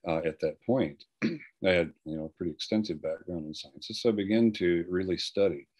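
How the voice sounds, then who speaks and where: Deep-voiced older man telling his story. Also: darkish tone. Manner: earnest, halting storytelling with many restarts. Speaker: guest speaker. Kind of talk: personal testimony.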